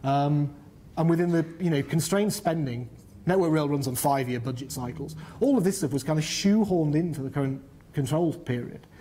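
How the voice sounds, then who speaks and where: His voice fairly high, warm, and husky, a middle-aged man from the north of England speaks at normal speed while explaining business and infrastructure on a public panel. He's fluent yet keeps saying um and restarting sentences.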